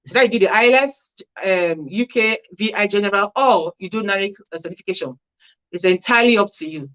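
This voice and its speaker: A care worker hosting a casual livestream, reading out viewer comments and answering each with chatty, practical advice. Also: female voice, mid-range voice, a little fast, fairly bright tone, muffled recording.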